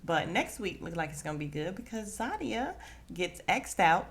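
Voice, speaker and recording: A woman, recapping a reality dating show on her podcast. She talks in a sassy, animated way and slips into the voices of the people she quotes. Her voice sits a little low for a woman. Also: normal speed. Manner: sassy, animated, quotes cast members with attitude. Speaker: podcast host.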